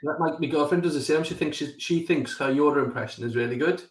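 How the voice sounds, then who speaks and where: A man's voice: on the high side, fast, reverberant. A male host joking and teasing his guest in a casual chat over a video call. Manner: teasing, jokey.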